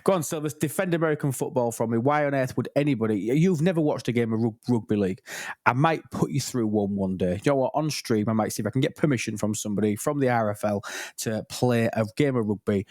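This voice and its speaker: A man's voice: mid-range voice, fast, darkish tone, no echo, studio quality. A man hosting a casual podcast panel, opinionated and teasing as he argues his point. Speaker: podcast host.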